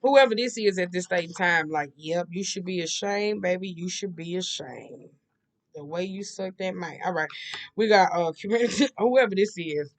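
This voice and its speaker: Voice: medium pitch, normal speed. A tarot reader talking loosely and off the cuff, with plenty of swearing and slang. The talk rambles and circles back on the same stock phrases. Every few lines it stops to check in with the listener. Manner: blunt and profane, with frequent slang; rambling, with repeated verbal tics. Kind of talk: casual monthly tarot reading.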